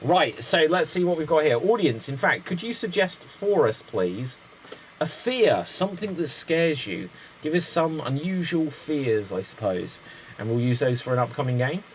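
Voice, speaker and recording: A man's voice: on the high side, big pitch swings, a little hiss or hum, low-quality recording. A man hosting an online improv comedy show, calling on players by name and running the games. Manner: brisk, calls on players by name.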